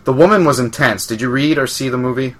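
A man hosting a casual chat, easygoing and quick to laugh. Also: mid-range voice.

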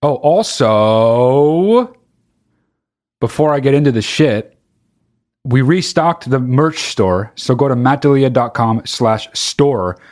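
A man hosting his own podcast in a loose comic rant. He swears freely, rambles and cuts himself off mid-thought. His voice sits in a middle pitch. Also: a little mellow. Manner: profane, rambling, self-interrupting. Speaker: podcast host. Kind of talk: casual comedic monologue.

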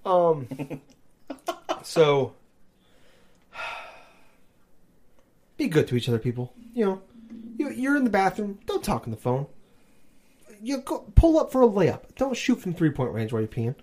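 A man's voice: high voice, huge pitch swings, unhurried, pauses often, a little mellow. A man in casual chat, rambling and crude with lots of swearing, tired and a bit delirious from overwork.

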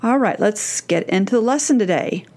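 A woman's voice: medium pitch, lively intonation, darkish tone. A middle-aged woman, a parenting coach, giving a scripted podcast lesson in an earnest, emphatic way. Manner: earnest and emphatic, slowing down to act out quoted teens.

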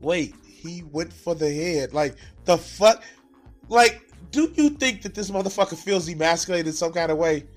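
A man's voice: on the high side, moderate pace, soft background music. A man hosting a reaction video, talking casually with profane, exasperated outbursts.

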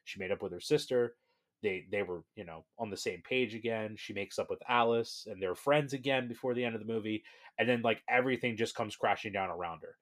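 Animated man on a horror podcast. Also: fairly low pitch, fairly quick. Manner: animated, laughing, acts out scenes. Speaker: podcast co-host. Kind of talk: casual chat.

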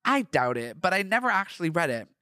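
A man reading the lines of a young male actor from his own fan fiction, gently exasperated. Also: sits high, sing-song, fast talker, no echo, clean studio sound, exaggerated voice.

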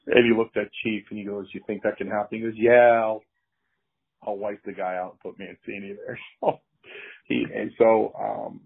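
Gravelly older man over a phone line. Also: fairly low pitch. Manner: animated anecdotes, acts out quoted voices. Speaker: retired wrestler telling stories. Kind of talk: casual storytelling.

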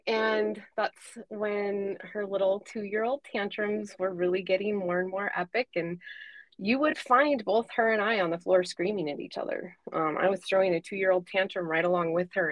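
A woman's voice: medium pitch, moderate pace, no echo, poor audio. A woman in her forties, a guest life coach for mothers, telling a candid personal story in an earnest way, with frequent ums and self-corrections. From United States.

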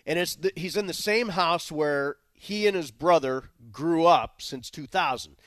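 A man's voice: on the high side, unhurried, no room sound. A man co-hosting a sports talk show who ribs the others in a playful way and leads the segments. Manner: animated, playful ribbing. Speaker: radio sports talk host. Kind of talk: casual on-air banter.

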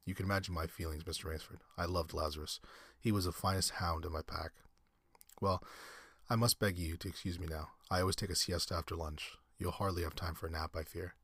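A man voicing a suave, cruel old aristocratic general who hunts men, in a courtly, menacing manner and a husky voice. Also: low-pitched, fairly even intonation, brisk, a bit bright, no echo, studio quality, full character voice.

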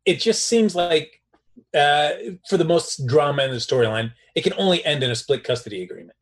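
A man's voice: fairly high pitch, expressive, brisk. A man co-hosting a soap recap show, wry and exasperated in casual chat.

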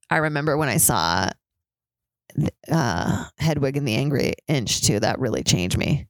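Young woman podcasting solo, low gravelly voice, rambly and sweary, lots of "like". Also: normal speed, dry recording. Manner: rambling, profane, frequent "like" fillers. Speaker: podcast host. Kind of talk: casual solo podcast monologue. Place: high-rise apartment with street sirens outside.

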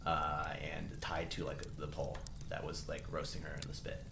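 A man's voice: very deep voice, monotone, moderate pace. A man running a tabletop game as game master, narrating and laughing easily. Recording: roomy with clear noise.

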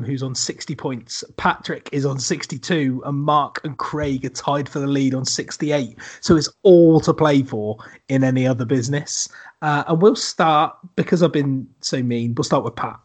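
A man's voice: fairly high pitch, slightly rough. A man hosting a podcast panel, scoring the others with dry, teasing remarks. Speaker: quiz host scoring the panel. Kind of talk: casual podcast banter.

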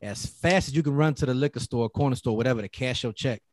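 A man in his thirties talking bluntly and profanely in casual chat, telling animated stories. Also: mid-range voice, fast talker, dry recording. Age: 30s.

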